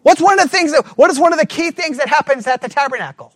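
A man delivering a sermon with emphasis, putting rhetorical questions to his listeners and sometimes dropping to a hushed, low delivery. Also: fast, no echo, clean studio sound. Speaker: preacher.

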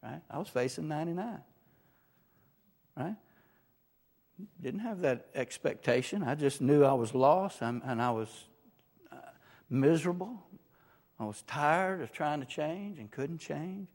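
A man's voice: fairly high pitch, animated, a little slow, pauses often, darkish tone. Preacher man in a reverberant hall. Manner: emphatic, punctuates with "right?" and "amen?". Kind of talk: sermon with personal testimony. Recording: long reverb from a large hall.

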